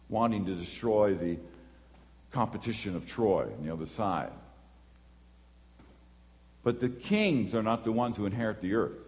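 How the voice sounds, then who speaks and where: A preacher delivers a sermon with an animated storytelling manner, acting out dialogue as he goes. His voice rings out in a hall with a long, lingering reverb. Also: lowish voice. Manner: animated storytelling, acts out voices and horn beeps.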